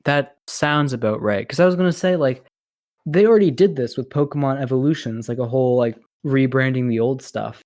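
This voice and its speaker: A man co-hosting a casual podcast, talking in a loose, rambling way and laughing often. His voice sits in a middling pitch, recorded close and dry with no room sound. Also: a little fast, a little mellow, dry recording. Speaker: podcast co-host. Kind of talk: casual chat.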